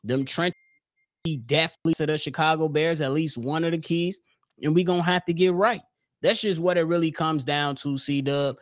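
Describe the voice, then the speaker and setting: A man's voice: on the high side, fairly even intonation, normal speed, no echo, studio quality. A man co-hosting a podcast in a hyped, slangy, casual way. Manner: hyped, slangy, sign-off energy. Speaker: podcast co-host.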